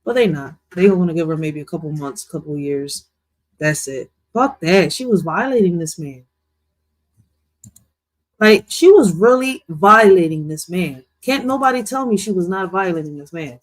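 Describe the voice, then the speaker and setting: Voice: mid-range voice, animated, moderate pace, rough recording. A host reacts to a news clip in loose, slangy commentary. The delivery rambles, stalls on filler words and often restarts mid-sentence, with a casual, home-desk feel.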